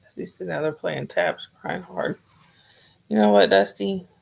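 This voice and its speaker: A woman from Georgia, chatting softly and rambling on a livestream while losing her voice. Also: lowish voice, moderate pace, gravelly, slightly rough. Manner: soft-spoken, rambling, talks to chat viewers by name. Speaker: livestream host. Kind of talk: casual livestream chat.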